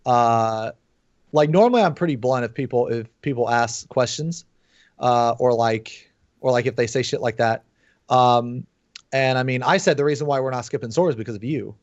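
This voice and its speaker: A man's voice: medium pitch, moderate pace, no room sound. A man who is a guest on a gaming podcast, chatting casually and ranting bluntly with lots of swearing. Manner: blunt, profane, animated ranting with laughs. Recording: dull lo-fi dry sound.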